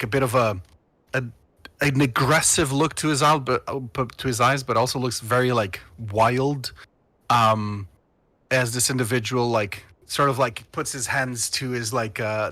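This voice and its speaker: A man's voice: mid-range voice, pushed and bright, no echo. A man narrating as game master of a tabletop game, rambling with many fillers.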